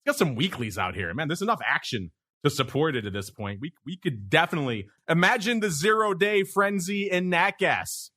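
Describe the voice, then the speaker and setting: A man's voice: on the high side, lively intonation, brisk, pushed and bright. A man hosting a podcast, chatting casually about markets and laughing often in playful banter. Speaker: podcast host.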